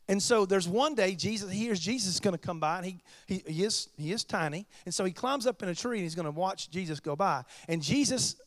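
Preacher guy, highish voice, jokey asides, dry close sound. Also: no room sound. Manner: chatty, joking asides to the congregation. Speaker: pastor. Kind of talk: sermon.

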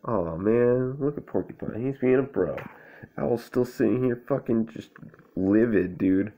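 A man's voice: mid-range voice, unhurried. A young man reading a children's book aloud with laid-back, profane, slangy commentary. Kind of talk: casual read-aloud with crude commentary. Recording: tinny phone-like sound.

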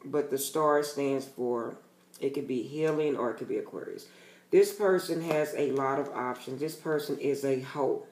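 A man's voice: medium pitch, moderate pace, darkish tone, reverberant. A man giving a casual tarot reading to his channel's viewers, talking bluntly and emphatically and swearing freely. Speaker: tarot reader.

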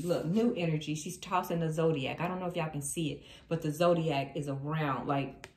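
A woman's voice: low voice, steady tone, moderate pace, a little mellow. A woman doing a casual tarot reading for viewers. She talks in a sassy, emphatic way, repeats her lines and breaks into laughter. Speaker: tarot reader. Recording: roomy sound, distant from the mic.

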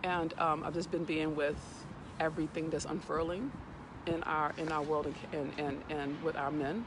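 Low-pitched and flat in delivery at a normal speed, another woman hosts a casual talk into her handheld phone while out on a morning walk. She sounds earnest and emotional, repeating words as she collects herself, against background noise.

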